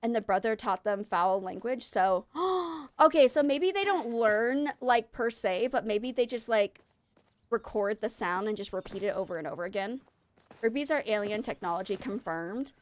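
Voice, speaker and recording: A woman with a slightly high voice chats casually with her stream audience as she plays. She rambles in an animated way and fills her talk with "like" and "um". She sounds like a mom and former teacher thinking out loud on stream. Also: moderate pace, no room sound. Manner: chatty, rambling and animated, with many fillers. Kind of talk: casual chat while livestreaming a game.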